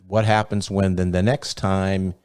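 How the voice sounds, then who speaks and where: A man's voice: low voice, little pitch movement, measured pace, darkish tone, clear, resonant tone. A man hosting a casual podcast chat, telling stories in a rambling, profane way. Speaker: podcast host.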